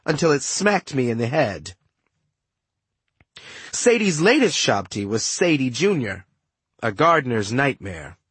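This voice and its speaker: Husky, lively male audiobook narrator. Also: mid-range voice, unhurried, pauses often, no echo. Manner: lively storytelling with wry asides. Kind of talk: scripted first-person audiobook narration.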